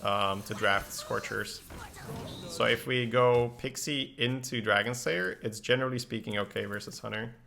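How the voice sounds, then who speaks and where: A man's voice: medium pitch, moderate pace, gravelly, pushed and bright, faint music behind. A man streaming a card game, talking through his plays in casual, analytical commentary and laughing easily. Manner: analytical, thinks aloud about plays.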